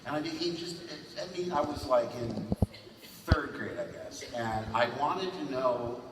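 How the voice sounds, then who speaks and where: Speaking in a medium-pitched voice, a sixty-something guest entertains a fan convention panel with lively stories and rapid-fire character voices. The sound comes from afar in a big, echoey convention hall, and the background is noisy.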